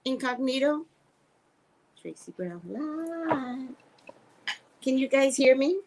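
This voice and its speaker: An older woman hosting a casual live stream, chatting with viewers and greeting them by name in sudden high squeals. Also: lively intonation, slow, darkish tone, slight background noise. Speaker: live-stream psychic host.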